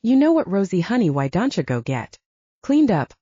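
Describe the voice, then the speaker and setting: A woman's voice: mid-range voice, big pitch swings, normal speed, warm tone, slightly rough, dry recording. A woman voicing a cocky, rugged alpha male werewolf soldier with a teasing, drawling manner, in a dull lo-fi recording.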